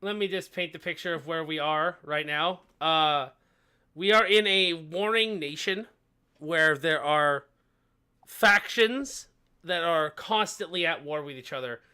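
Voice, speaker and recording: Guy running a tabletop game, slow, stumbly, bright tone. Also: on the high side, clear, resonant tone. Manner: halting, lots of fillers and restarts. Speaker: game master.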